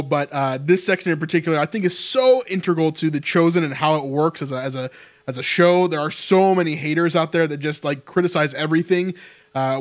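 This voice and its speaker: A man hosting his own channel, commenting casually on an interview clip, talking loosely with lots of fillers and repeated words. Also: a little high. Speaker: channel host.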